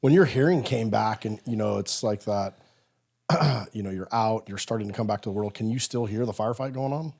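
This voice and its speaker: A man's voice: on the low side, fairly quick, gravelly, darkish tone. A man hosting a podcast, asking a guest follow-up questions. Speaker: podcast host. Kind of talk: interview questions.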